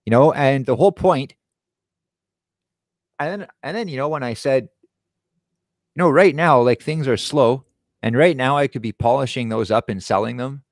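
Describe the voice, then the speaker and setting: A man's voice: mid-range voice, normal speed, long pauses, no room sound, clean studio sound. A young man hosting a show, telling a personal story in a heated, profane casual rant. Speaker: show host. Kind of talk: casual live-stream rant.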